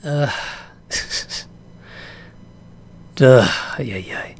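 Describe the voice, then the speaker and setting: A man's voice: mid-range voice, drawn-out words, creaky, husky. A man ranting casually about a fight, profane and exasperated, breaking into laughs often. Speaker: vlogger reacting to a fight.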